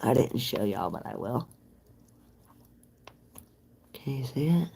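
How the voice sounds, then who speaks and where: A woman's voice: a bass voice, sing-song, slow, creaky, warm tone, slight background noise. A woman giving a casual live-stream tarot reading, chatting with viewers and answering their comments aloud. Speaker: tarot reader.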